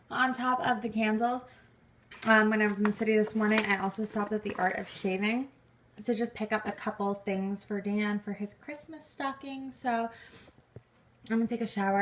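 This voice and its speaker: A woman's voice: medium pitch, a bit bright, a little hiss or hum. A young woman vlogging in a casual, chatty way, saying "like" constantly and laughing through her frustration. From New York. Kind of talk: casual vlog chat.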